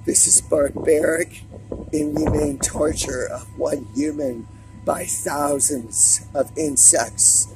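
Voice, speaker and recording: A man vlogging an agitated, profanity-laden monologue to camera in a raspy voice. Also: a little high, steady tone, slow, over music, low-quality recording.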